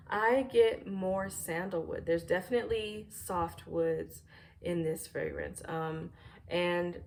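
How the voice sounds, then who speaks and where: A woman with a slightly low voice talks through perfumes in a relaxed home review. She pauses often with "um" and feels her way toward each description. A faint background hum sits under her voice. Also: gravelly. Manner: thoughtful, searching for words with many ums. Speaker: fragrance reviewer. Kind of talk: casual product review. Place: home room with a fireplace.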